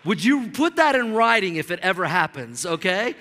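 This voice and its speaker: High bright-voiced middle-aged preacher. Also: male voice, normal speed, in a large hall, slight background noise. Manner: animated, storytelling, repeats words when excited. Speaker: pastor. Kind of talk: sermon. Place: church sanctuary.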